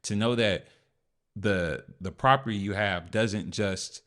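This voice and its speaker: A man hosting a business podcast, talking in a relaxed, rambling way with lots of fillers. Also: on the low side, takes it slowly. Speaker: host. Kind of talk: casual podcast chat.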